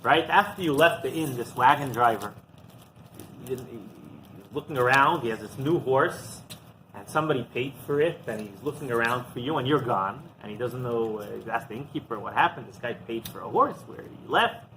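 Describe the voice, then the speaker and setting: Man, rabbi, storytelling sermon, lively pitch, bright voice. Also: normal speed, slight background noise, poor audio. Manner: animated storyteller, acts out dialogue.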